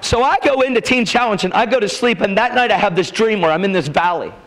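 A man preaching a testimony sermon at a church revival, telling his story with emphatic, animated delivery and quoted dialogue. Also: high-pitched, fast talker, rough recording.

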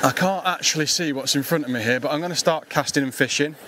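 A man's voice: a little high, fast. Breathless man rambling on a rocky shore. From England. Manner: rambling, self-deprecating, frequent ums. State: out of breath from scrambling. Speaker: podcast host. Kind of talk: casual outdoor fishing commentary. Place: rocky coast outdoors at dawn. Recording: outdoor recording with clear background noise.

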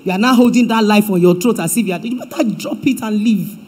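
A woman's voice: medium pitch, fast talker, breathy edge, low-quality recording. Emphatic Nigerian woman preaching. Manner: emphatic preaching, swings from loud to hushed, mixes in Yoruba phrases. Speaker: pastor. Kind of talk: sermon. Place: church.

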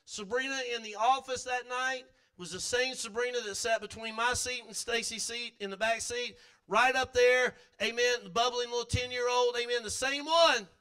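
Middle-aged guy preaching in church, really high voice, gets the crowd to repeat after him, yells sometimes. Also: fairly even intonation, moderate pace, clear, resonant tone. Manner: fervent preaching with call-and-response, at times shouting. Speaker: pastor. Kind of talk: sermon. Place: church sanctuary.

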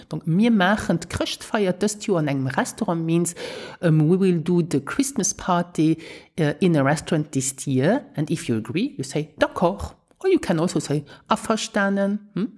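A woman teaching a podcast language lesson, slowly and carefully saying phrases and repeating them for learners to copy. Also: lowish voice, animated, darkish tone. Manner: slow, careful drills of words and phrases. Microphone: podcast microphone.

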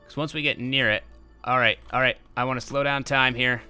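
A young man giving casual let's-play commentary, excitable and bursting into loud exclamations. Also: medium pitch, a little fast, smooth, faint music behind. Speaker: gameplay commentator.

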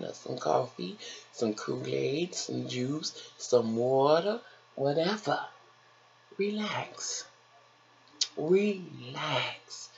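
An older woman talks to her viewers slowly and tenderly, like a mother comforting her children. Her voice has a heavy gravelly fry. The home recording sounds dull and lo-fi, with a faint hiss behind it. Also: rumbling low. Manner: slow, soothing, motherly, calls listeners baby and honey. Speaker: vlogger. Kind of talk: encouraging vlog talk.

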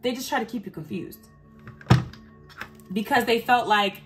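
A woman's voice: fairly high pitch, normal speed, fairly bright tone. A woman giving a casual tarot reading, talking bluntly and profanely straight to her viewers and getting heated as she goes. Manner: gets heated and emphatic. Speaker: tarot reader. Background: faint background music.

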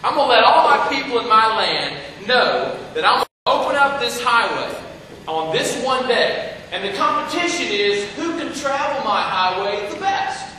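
A man's voice: very high-pitched, sing-song, normal speed, pushed and bright, a little hiss or hum, full character voice. A man playing a boastful king. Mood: proclaiming. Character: proud scheming king announcing a contest. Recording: echoey hall, distant mic.

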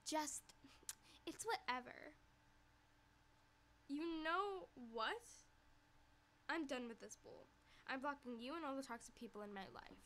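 A woman's voice: sits high, unhurried, long pauses, a bit bright, slight background noise. A woman vlogger telling a storytime, reading text messages aloud in a chatty, sassy way that turns heated.

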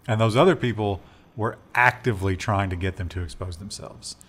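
A man's voice: lowish voice, brisk. A man co-hosting a casual tech news show, joking and chatting with fillers. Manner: lively, joking, trails off with fillers.

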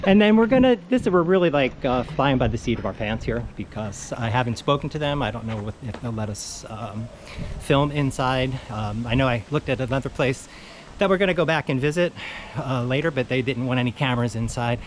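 A New York man hosts a casual food review in a city pizza restaurant, chatting and rambling with many fillers. His mid-range voice is animated and brisk over a noisy urban background.

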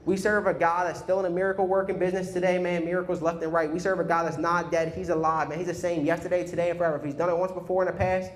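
A man preaching a sermon in an energetic, conversational way, often saying "man" to the congregation. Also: high voice, rapid-fire, hardly any pauses.

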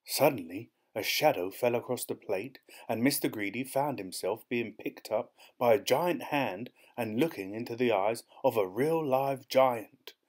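A man reads a children's picture book aloud in a playful, expressive way. His voice sits at an ordinary middle pitch. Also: unhurried, few pauses. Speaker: storyteller. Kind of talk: children's story reading.

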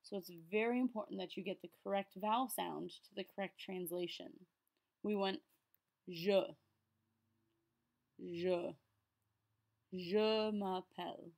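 An upbeat, encouraging woman explains French to her students, her pitch sitting in a middle range. She slows down and carefully sounds out each French word before picking up her speaking pace again. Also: gravelly. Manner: patient, slows down to enunciate French words. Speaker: French teacher. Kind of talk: classroom lesson explanation.

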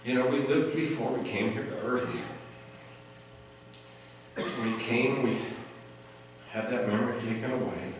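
A middle-aged man reflects earnestly on a late family member at a funeral chapel, drawing some light laughter. He speaks at a measured pace in a medium pitch, pausing often, in a noisy, echoey recording taken from a distance.

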